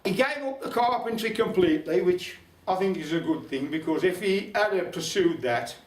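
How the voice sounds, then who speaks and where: Older Black Country male storyteller, wry and chatty; high, animated voice in a roomy hall, distant mic. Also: normal speed. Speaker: folk club storyteller. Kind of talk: humorous storytelling to a live audience. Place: folk club room.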